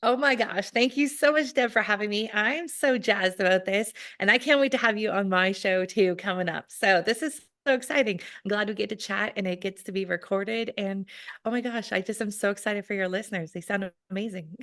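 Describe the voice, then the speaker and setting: A woman's voice: medium pitch, fairly quick, a bit bright. Bubbly, gushing woman guest. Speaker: podcast guest, entrepreneur. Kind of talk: casual interview chat.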